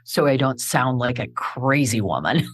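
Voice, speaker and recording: A middle-aged woman, a podcast guest, telling a personal story in a vivid, animated way and acting out her own remarks. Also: a bass voice, a little slow, slightly rough.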